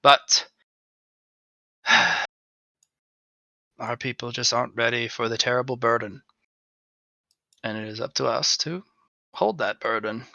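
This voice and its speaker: A man voicing a solemn, lofty male leader who speaks in a grave, measured and weary way in a tabletop game. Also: mid-range voice, creaky, pushed and bright, no room sound, exaggerated voice.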